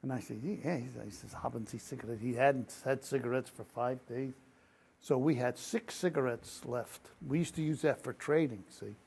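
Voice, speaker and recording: Gravelly older man telling old stories. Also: mid-range voice, normal speed, slight background noise. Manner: lively anecdotal storytelling with quoted dialogue. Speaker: interviewee. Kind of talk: oral history storytelling.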